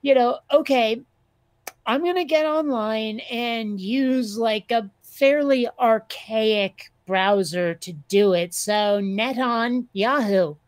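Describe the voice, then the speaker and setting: A woman with a fairly high voice chats loosely on a podcast, slipping into a drawling Valley Girl manner. She rambles with lots of fillers and crude jokes. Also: slow pace, a little mellow, no room sound. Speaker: podcast co-host. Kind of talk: casual chat.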